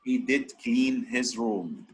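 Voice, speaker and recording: A man's voice: medium pitch, lively intonation, slow pace, husky, low-quality recording. A man teaching an English grammar lesson, switching between Arabic and English and repeatedly prodding his students to answer.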